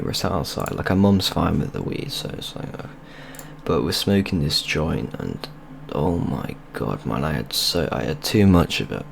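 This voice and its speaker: A young video creator tells a rambling, sweary story vlog-style over gameplay, loose and full of restarts. His voice is low-pitched and creaky, with slight background noise.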